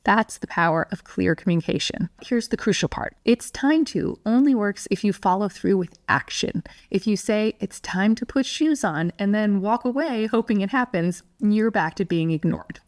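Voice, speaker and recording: Calm, clear woman teaching parents. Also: mid-range voice, moderate pace, hardly any pauses, no echo, clean studio sound. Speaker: parenting educator. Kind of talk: scripted teaching monologue.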